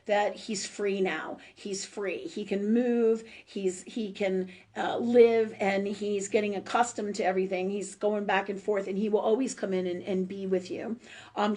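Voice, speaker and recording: A middle-aged woman speaks as a spiritual medium on a live stream, reading for viewers in a loose, heartfelt, rambling style. She restarts her sentences and fills gaps with ums, and her tone turns blunt and profane when she is frustrated. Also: mid-range voice. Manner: emotional, warm-hearted, rambling with many fillers and restarts; blunt, swears freely. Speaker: spiritual medium hosting a live call-in show.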